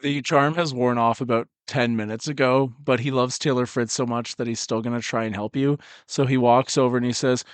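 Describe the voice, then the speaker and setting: A man's voice: medium pitch, steady tone, brisk, clear, resonant tone, dry recording. A man narrating a tabletop role-playing game as its game master, in an easygoing way.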